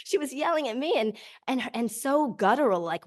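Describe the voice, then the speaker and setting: A woman's voice: fairly high pitch, brisk, few pauses. A middle-aged woman, a podcast host, chatting casually and acting out voices as she tells a story. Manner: animated storyteller, acts out voices with laughs. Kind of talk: casual chat.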